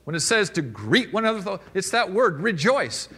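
A man preaching a sermon to his congregation, his voice high and bright. He swings between loud exclamations and hushed asides. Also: very animated, moderate pace, husky. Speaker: pastor. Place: church.

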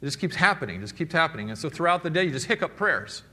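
A man preaching a sermon to his congregation, his voice high and bright. He swings between loud exclamations and hushed asides. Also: sing-song, fast. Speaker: pastor. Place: church.

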